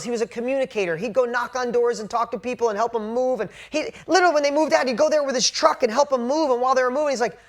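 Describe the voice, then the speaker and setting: Blunt, lively woman coach telling a story to her group. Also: sits high, fast, hardly any pauses. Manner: candid, animated storyteller who swears casually. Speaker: business coach.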